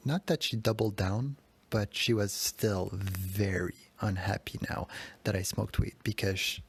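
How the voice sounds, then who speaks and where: A man's voice: fairly low pitch, husky. A man telling a candid personal story in a rambling, self-critical way, swearing freely. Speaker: podcast guest telling his story.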